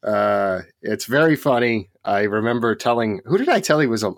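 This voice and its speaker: A man with a fairly low voice co-hosts a podcast, ranting about his opinions between quick jokes. The sound is dry and close, with no room around it. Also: animated, no room sound. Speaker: podcast co-host. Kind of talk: casual chat.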